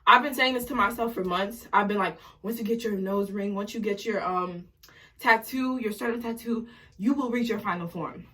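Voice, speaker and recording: A nineteen-year-old woman vlogging casually at home, excited and jittery from coffee, rambling and tripping over her words. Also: mid-range voice. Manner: excited, rambling, fast-talking. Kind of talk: casual vlog chat. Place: home while getting ready.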